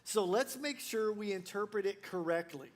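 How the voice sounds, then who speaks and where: A man's voice: sits high, moderate pace. A male pastor preaching a sermon in a casual, joking way, full of fillers and restarts.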